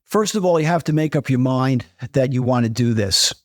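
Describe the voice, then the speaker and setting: Older man, animated storyteller, dry mic. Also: mid-range voice, fairly quick, no echo. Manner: energetic, repeats key points, acts out dialogue. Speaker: retired dentist, podcast guest. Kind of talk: conversational interview storytelling.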